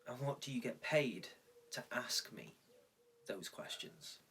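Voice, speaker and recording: A man voicing a calm, thoughtful old religious teacher in a slow, slightly raised storytelling voice. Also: medium pitch, distant mic. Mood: wry.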